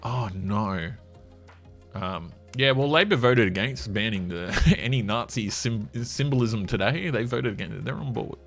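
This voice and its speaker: A man's voice: lowish voice, animated, measured pace, fairly bright tone, faint music behind. A man giving sarcastic, mocking commentary while scrolling through a social media feed. He laughs often.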